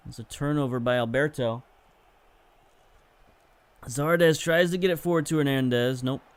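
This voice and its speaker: A young man giving casual, chatty play-by-play commentary over highlights from a football management game, getting excited at chances and correcting himself as he goes. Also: normal speed, clear, resonant tone, no echo. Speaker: gaming video host.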